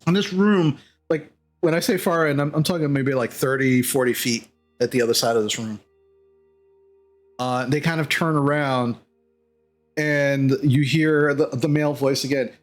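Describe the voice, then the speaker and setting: A man's voice: medium pitch, moderate pace. A man narrating as game master of a tabletop game, rambling with fillers and restarts. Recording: slightly dull mic, faint music behind.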